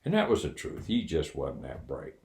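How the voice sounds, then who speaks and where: Deep-voiced older man telling a wry story. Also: wildly swooping pitch, normal speed, creaky, darkish tone. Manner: wry, candid, with frequent fillers and chuckles. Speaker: retired Air Force officer telling a story. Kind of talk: casual anecdote storytelling. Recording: roomy echo.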